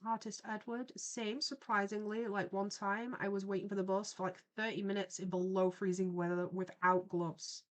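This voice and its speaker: A woman's voice: medium pitch, level tone, moderate pace, few pauses. Young woman, livestream host, casual chat, rambling, chatty asides. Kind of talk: casual chat while drawing on stream.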